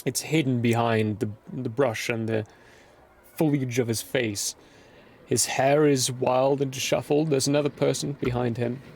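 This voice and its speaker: A man's voice: mid-range voice, steady tone, unhurried, vocal fry, a little mellow. A man narrating a tabletop game as game master, describing scenes while searching for words.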